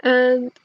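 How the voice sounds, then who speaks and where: In dull lo-fi stream audio without echo, a young booktube streamer with a high-sitting voice chats casually. She's bubbly and giggly as she replies to messages from her chat.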